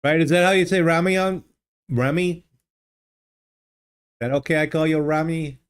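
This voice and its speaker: Playing a geography guessing game on stream, this man muses out loud and replies casually to chat, using a desk microphone. He sounds smooth and slightly high, speaking at a moderate pace.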